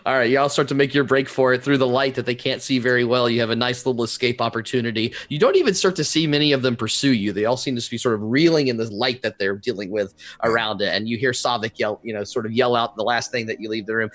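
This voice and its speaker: A man narrating a tabletop game as game master, in a relaxed way with plenty of ums. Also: medium pitch, fast talker, few pauses. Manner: relaxed, filler-heavy narration.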